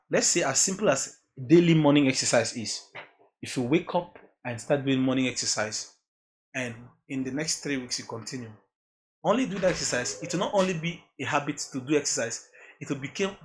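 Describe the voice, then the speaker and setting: An earnest Nigerian music producer, guesting on a podcast, slips into Pidgin during casual interview chat. His medium-pitched voice is brisk; he's reflective, repeats phrases, and laughs often.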